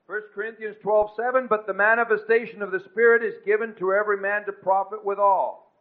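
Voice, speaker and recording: A man preaching a sermon, rising to emphatic peaks and dropping to quiet asides. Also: high-pitched, fairly even intonation, a little fast. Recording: tinny phone-like lo-fi recording.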